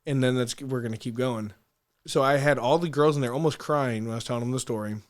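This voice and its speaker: An animated man, a guest on a podcast, tells stories casually at a middle pitch. He swears freely, laughs often and keeps restarting sentences mid-thought. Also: quick pace. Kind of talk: casual storytelling.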